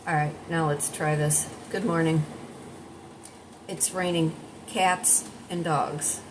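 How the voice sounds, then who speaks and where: An American woman in her sixties, a vlogger and life coach, chats casually to camera in the morning, speaking to her viewers from home in a rambling, direct manner. Her voice is low and slow with fairly even intonation, and there is noise in the background.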